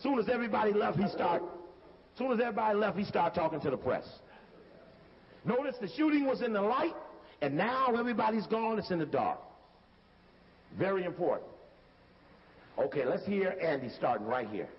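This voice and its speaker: A man's voice: high-pitched, expressive, a little fast, pauses often. A man lecturing with commentary over video footage, emphatic and conversational, often repeating himself. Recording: dull recording from a hall with faint hiss.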